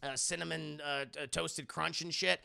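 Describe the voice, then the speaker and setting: A man's voice: on the high side, level tone, normal speed, creaky, pushed and bright, clean tone, heavily acted. A man voicing a bold, cheeky eight-year-old abandoned girl who talks brashly and crudely. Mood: casual.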